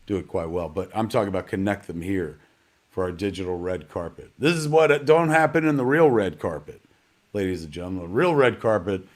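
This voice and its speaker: Low-pitched and quick, with lively intonation, a man runs a live online premiere in a loose, rambling style. He jokes at his own expense and throws in some salty language.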